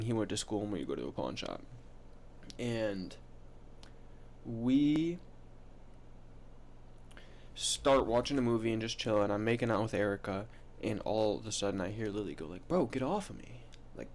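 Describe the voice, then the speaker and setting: Rambling young man with a lowish voice. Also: darkish tone, slight background noise. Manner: profane slangy rambling, heavy use of "like". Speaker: storyteller. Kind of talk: casual storytime.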